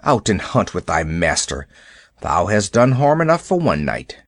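A man's voice: low voice, sing-song, normal speed, fairly bright tone, dry recording, voice pushed down, exaggerated voice. A man voicing a proud, stern male wolf who speaks stiffly and curtly in a storybook reading. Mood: snapping. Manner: stiff, curt, indignant.

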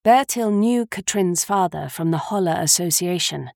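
A woman narrating an audiobook in a steady, measured reading. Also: on the low side, gravelly, dry recording, studio quality. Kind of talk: scripted narration.

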